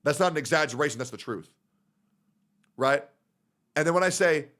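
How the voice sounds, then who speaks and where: A man's voice: a little high, animated, a little fast, pauses often, fairly bright tone. A man streaming live who rambles, swears freely and gets openly emotional while reading out messages from friends. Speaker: livestreamer. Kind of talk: casual stream chat.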